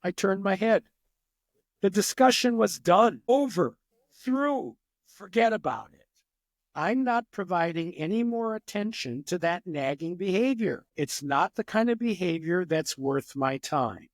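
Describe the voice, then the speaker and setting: A psychologist guest, an older man with a strikingly high voice, tells lively stories on a podcast interview and plays the characters himself. His pace is measured, and the close, dry sound has no echo.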